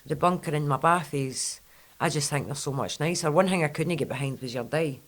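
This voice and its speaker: A Scottish woman with a mixed Fife and West Coast accent, hosting a casual podcast chat and telling animated stories. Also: low voice, fairly quick. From Scotland. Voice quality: chatty, animated storyteller. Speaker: podcast host.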